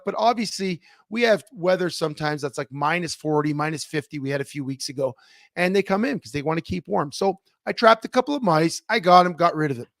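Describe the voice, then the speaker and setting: A middle-aged man co-hosting a podcast, telling a long story in a rambling, animated way with many restarts. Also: fairly high pitch, dry recording, clean studio sound. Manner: animated, rambling, self-interrupting. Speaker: podcast co-host. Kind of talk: casual storytelling chat.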